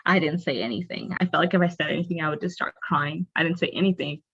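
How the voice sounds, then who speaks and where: A woman's voice: low voice, fairly even intonation, fast talker, fairly bright tone, slightly rough. A young adult woman, a podcast guest, telling her personal story candidly and expressively, with lots of "like" fillers. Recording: dull, dry, lo-fi sound.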